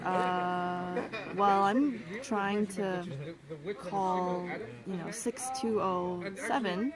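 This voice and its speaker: A woman's voice: medium pitch, extremely slow, crowd noise. A woman quoting a creepy older male stranger on the phone, falsely friendly and lingering.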